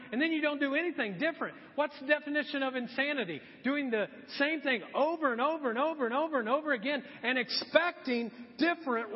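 A middle-aged man preaching a sermon, earnest and exhorting, repeating his key questions. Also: very high-pitched. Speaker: pastor. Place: church sanctuary. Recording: dull sound with long church reverb.

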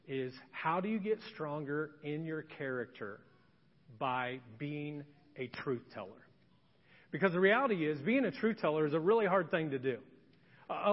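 A man preaching a sermon as a pastor, telling stories in an animated way. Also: sits high. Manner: animated storytelling. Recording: dull echoey church hall recording.

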